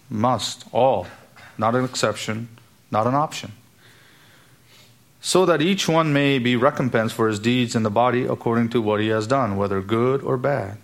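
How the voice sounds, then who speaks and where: A man's voice: mid-range voice, vocal fry. A man preaching a sermon to his church, emphatic and full of rhetorical questions. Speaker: pastor.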